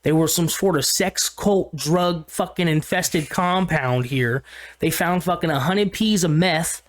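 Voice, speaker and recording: A man co-hosting a podcast, telling a story in a casual, animated and profane way, full of slang. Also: fairly high pitch, a little slow. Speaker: podcast co-host.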